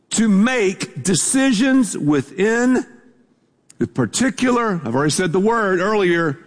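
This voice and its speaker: High-voiced, husky preacher man in a reverberant hall. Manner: casual, conversational preaching with repetition and asides. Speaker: pastor. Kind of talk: sermon. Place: church sanctuary with screens. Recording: long hall reverb from a large room.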